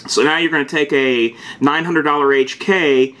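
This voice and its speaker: A man's voice: a little high, steady tone, fairly bright tone. Man reading and commenting. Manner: reads a text in a stiff, emphatic voice, then breaks off to comment quickly and casually. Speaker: gun video host. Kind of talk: reading aloud and commenting, casual vlog.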